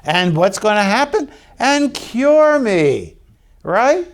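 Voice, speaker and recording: A man preaching a sermon in a slow, conversational way, asking the congregation questions and speaking candidly about himself. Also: sits high, sing-song. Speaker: pastor.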